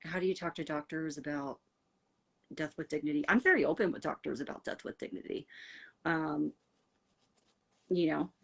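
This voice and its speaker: Low-pitched American woman, middle-aged, rambling livestream host, heartfelt and filler-heavy. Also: normal speed, vocal fry, pauses often, husky. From United States. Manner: rambling and heartfelt, full of fillers, answering viewer comments. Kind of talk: casual livestream chat.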